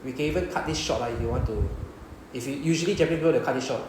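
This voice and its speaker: A man's voice: medium pitch, very fast, a little mellow, reverberant, slight background noise, low-quality recording. A man with a Singaporean English accent teaching a Japanese class, often checking with "right?". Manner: repeats "right?" to check understanding. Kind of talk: classroom lesson explanation.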